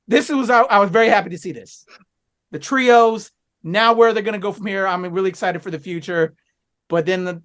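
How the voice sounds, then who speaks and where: High-voiced laid-back podcast host. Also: male voice, fairly bright tone. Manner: laid-back, rambling, steers the conversation. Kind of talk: casual chat.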